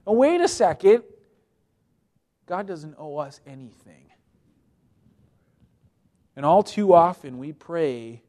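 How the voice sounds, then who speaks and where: A man with a high voice preaching a sermon. He reads scripture aloud and explains it with strong emphasis. He rises to loud, pleading passages, then drops to quiet, low-key asides.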